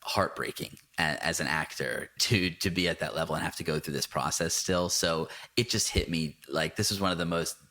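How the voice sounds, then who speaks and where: A man's voice: very deep voice, moderate pace, few pauses, sharp tone. A man co-hosting a podcast, talking through a film in an earnest, reflective way with frequent restarts. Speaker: podcast co-host. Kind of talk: casual film discussion.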